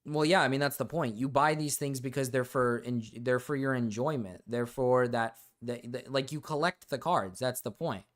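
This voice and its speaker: A man's voice: mid-range voice, normal speed, few pauses. A young man streaming, chatting casually and rambling, often restarting sentences and swearing freely.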